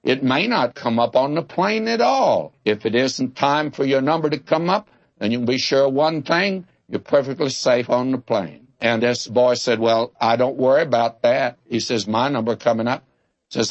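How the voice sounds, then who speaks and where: A man's voice: medium pitch, moderate pace, no room sound, muffled recording. An older man giving a folksy, conversational Bible teaching, drawing out key words for emphasis and telling humorous anecdotes.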